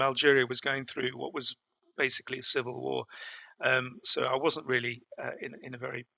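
A middle-aged man recalls his past journeys for an interviewer. His voice is bright and gravelly, with many fillers and restarts. The sound is close and dry. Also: medium pitch, dry recording, dull audio. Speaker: interview guest. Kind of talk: storytelling in a conversation.

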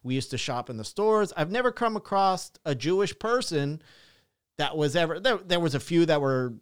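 Male podcast host, casual chat, animated storyteller who swears, voice a bit high. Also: moderate pace, smooth.

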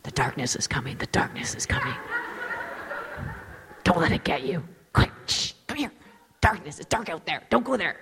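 A woman mocking fearful Christians, using a low, hushed voice that is partly whispered. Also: very animated, moderate pace, gravelly, long pauses, breathy edge, long reverb tail, exaggerated voice. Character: fearful, panicky Christians hiding indoors.

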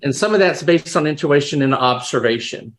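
Sharing his experiences through conversational storytelling, a man who works as a crisis responder reflects aloud on a podcast, frequently starting sentences over and voicing the dialogue he quotes. His voice sits on the high side, expressive and fairly quick.

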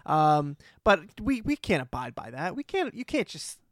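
Male podcast co-host, laid-back, slightly high voice, dry close sound. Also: sing-song, moderate pace, no room sound. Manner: laid-back, lots of ums and "dude". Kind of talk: casual chat recapping a TV episode.

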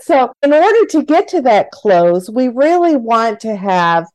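A woman's voice: fairly high pitch, sing-song, measured pace, few pauses, a little mellow. A woman hosting a podcast interview, thinking aloud and searching for her words. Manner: thoughtful, searching for words with restarts. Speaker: podcast host.

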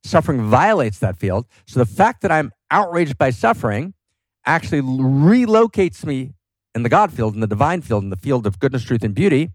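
A man's voice: mid-range voice, very animated, fairly quick, no room sound. Fervent man with frequent "right?" tags. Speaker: podcast guest, philosopher. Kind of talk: passionate philosophical talk.

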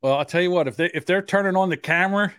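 A man's voice: high-pitched, rapid-fire, a bit bright, smooth, no room sound. A man co-hosting a casual podcast, joking, laughing often and slipping into mocking voices. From Irish. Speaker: podcast co-host.

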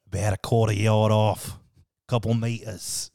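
Excitable wildlife presenter in a mock Australian accent, as a man puts it on, loud and dry close-miked sound. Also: fairly low pitch, a little slow, creaky, dry recording. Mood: excited.

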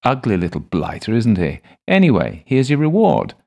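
A man's voice: mid-range voice, huge pitch swings, moderate pace, vocal fry, a little mellow, voice pushed up, exaggerated voice. A man voicing a jovial, chummy, old-fashioned English shopkeeper with a posh, breezy manner. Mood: pleased.

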